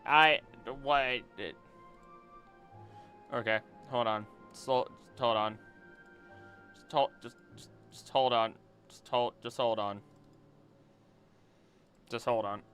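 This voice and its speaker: A man's voice: mid-range voice, fairly even intonation, slow, pauses often, fairly bright tone, smooth, faint music behind. A man streaming as he draws, chatting casually, muttering to himself and swearing now and then. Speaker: streamer and voice actor. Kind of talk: casual livestream chat while drawing.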